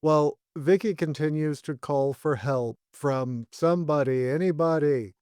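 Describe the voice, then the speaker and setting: A man's voice: on the high side, a little slow, darkish tone, smooth, no echo, clean studio sound. A man co-hosting a podcast, casually chatting and recapping episodes with wry humor. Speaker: podcast co-host.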